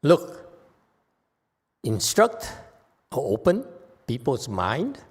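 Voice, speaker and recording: Slow-speaking man lecturing in a reverberant hall. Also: mid-range voice, breathy edge. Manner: slow, animated, quizzes the audience. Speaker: Buddhist teacher. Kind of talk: Dharma lecture.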